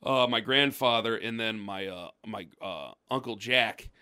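This podcast co-host's voice is lowish and unhurried, pushed and bright yet smooth. Despite a lingering cough, he rambles through a casual story on a podcast mic, restarting and acting out quoted voices.

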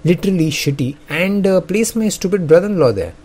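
A man's voice: high-pitched, expressive, brisk, a little mellow, voice pushed up. A man voicing a smug male doctor who is scheming.

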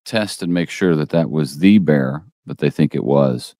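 A man's voice: extremely low pitch, normal speed, warm tone, dry recording, studio quality. A man co-hosting a casual local news show, easygoing and teasing, with frequent fillers.

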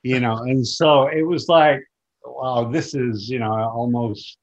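Middle-aged northern English man, faded Lancashire accent, halting and reflective guest, lo-fi sound. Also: medium pitch, steady tone. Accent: Lancashire, softened by decades in America. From northern England. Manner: reflective, halting, repeats words when starting. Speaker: guest musician. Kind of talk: casual interview chat. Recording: muffled lo-fi audio.

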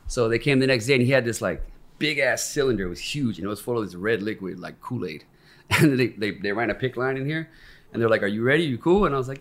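A man's voice: mid-range voice, expressive, fast talker, fairly bright tone. A man, a podcast guest, telling a personal story in casual, candid talk full of swearing and acted-out quotes. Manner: profane and candid, acts out quoted voices.

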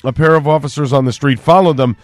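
A male radio newscaster, reading local news, sports and an ad in a brisk, even way. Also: on the high side, no room sound, faint music behind. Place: radio studio.

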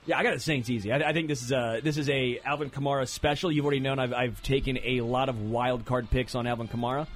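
A man hosting a sports talk show, making picks and teasing his co-hosts with animated, excitable banter. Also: mid-range voice, quick pace, hardly any pauses, soft background music.

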